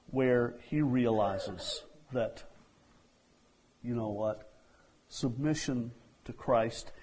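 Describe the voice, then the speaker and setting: Slow, soft-toned male preacher. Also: mid-range voice, husky, rough recording. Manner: slow, deliberate preaching, acting out quoted dialogue, trailing off softly. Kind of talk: sermon.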